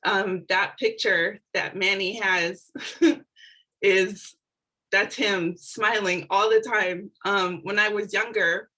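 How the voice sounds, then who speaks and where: Woman with a bright voice, hesitant, many fillers, video call. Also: mid-range voice, fairly even intonation, takes it slowly, low-quality recording. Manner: hesitant, many ums, light laughs. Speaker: niece speaking at a tribute. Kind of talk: tribute remarks on a video call.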